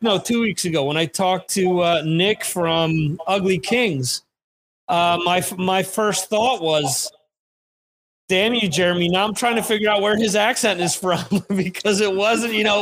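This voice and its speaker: A man's voice: sits high, a bit bright. A man hosting a casual podcast chat, stammering through restarts with many ums. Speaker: podcast host.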